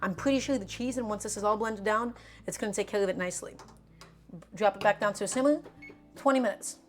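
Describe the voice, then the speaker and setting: A woman's voice: mid-range voice, fast. A woman chatting casually through a live cooking stream, emphatic and talking to her viewers as friends.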